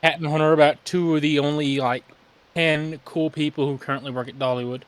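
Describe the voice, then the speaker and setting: A man's voice: fairly high pitch, fairly even intonation, brisk. A young man chatting casually as a podcast co-host, mild and disclaiming. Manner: mild, disclaiming, gives shout-outs. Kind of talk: casual chat.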